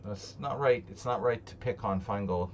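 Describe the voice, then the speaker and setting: A man's voice: fairly low pitch, moderate pace, dull audio, a little hiss or hum. A man streaming live online chess, thinking aloud as he plays, joking and muttering to himself. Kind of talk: live commentary while playing online chess. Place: home streaming setup.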